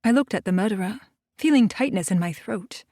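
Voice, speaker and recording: A woman's voice: medium pitch, expressive, a little fast, warm tone, dry recording. Woman narrating an audiobook, dry sound. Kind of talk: first-person audiobook narration.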